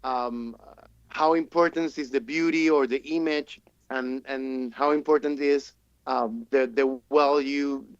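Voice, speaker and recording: A man's voice: mid-range voice, steady tone, measured pace, smooth, no echo. Hesitant man with English. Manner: hesitant, repeats words while searching for them. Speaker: theater director and playwright. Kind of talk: radio interview guest. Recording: dull, dry studio sound.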